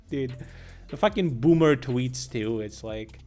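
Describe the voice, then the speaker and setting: A man's voice: medium pitch, animated, slow, soft background music. A young man ranting sarcastically and with lots of swearing while commenting on a live stream.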